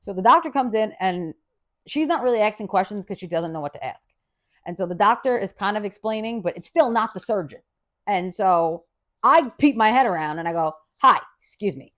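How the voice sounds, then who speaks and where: A woman's voice: medium pitch, a little fast. A woman hosting a podcast, telling a story in a casual, profane way and acting out the people in it. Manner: animated, profane, acts out quoted dialogue. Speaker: podcast host.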